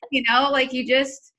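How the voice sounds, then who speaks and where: A woman's voice: sits high, fairly bright tone. A woman from Iowa hosting a casual chat, rambling loosely with many fillers. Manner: rambling, loose, full of "like" and "I don't know". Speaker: podcast host.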